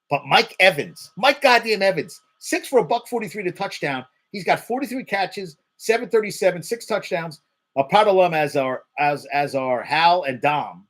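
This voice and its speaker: Middle-aged male sports host, husky, lively pitch, excitable and profane monologue. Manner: excitable, swears, repeats words for emphasis. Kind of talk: casual sports commentary monologue.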